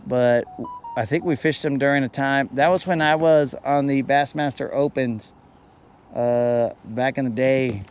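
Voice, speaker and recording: Slow-talking man chatting on his fishing stream. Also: medium pitch, fairly even intonation, slight background noise. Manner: rambling, joking with viewers. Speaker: fishing livestream host. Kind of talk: casual live-stream chat. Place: on a boat on a lake outdoors.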